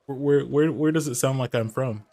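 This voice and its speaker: A man's voice: medium pitch, normal speed, warm tone. Man, Midwest, casual game streaming chatter, mid-range voice, faint music behind. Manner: chatty, answers chat questions aloud. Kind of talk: casual gameplay commentary.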